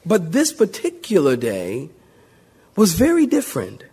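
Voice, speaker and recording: A man preaching with a lively, swooping delivery, his voice a little husky and set fairly high. He tells the story with animated energy and jumps into the voices of the people in it. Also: a little slow. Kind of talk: sermon.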